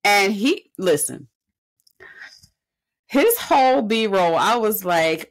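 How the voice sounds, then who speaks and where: A woman from the New York area co-hosting a podcast in a lively, agreeable, casual way. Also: mid-range voice. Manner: lively, agreeable, quick to laugh. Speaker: podcast co-host. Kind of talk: casual chat reviewing a singing show.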